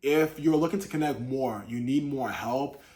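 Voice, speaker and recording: Man, mid-pitched voice, earnest coaching tone, faith-based relationship advice, talks straight to viewers. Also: moderate pace, a little mellow. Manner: demonstrates tone of voice in examples. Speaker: Christian dating coach. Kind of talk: motivational talk to camera.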